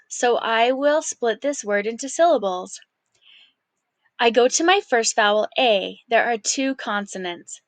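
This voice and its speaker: A woman's voice: a little high, fairly bright tone, no echo. A woman teaching a phonics lesson, carefully sounding out words and encouraging the learner, sometimes whispering a word as she repeats it. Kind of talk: slow, clear phonics lesson.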